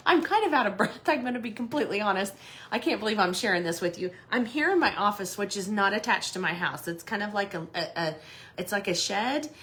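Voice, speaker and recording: A middle-aged woman hosting a home decor livestream from her office, chatting casually and telling stories with laughs. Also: medium pitch. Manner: chatty, animated storytelling with laughs. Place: her office in a shed building.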